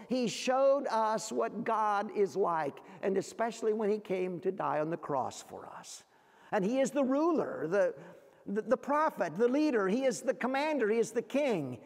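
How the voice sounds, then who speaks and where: A man preaching a sermon as pastor, earnest, often repeating words as he searches for the next phrase, and dropping low and quiet when he quotes scripture. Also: big-room sound. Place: church sanctuary.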